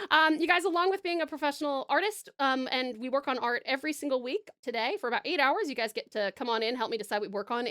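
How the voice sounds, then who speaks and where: A bubbly Australian woman hosts a casual live stream in a bright, high voice. Her pitch leaps all over as she gushes to viewers, filling the gaps with ums. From Tasmania, Australia. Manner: bubbly, gushing, many ums. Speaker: streamer and artist.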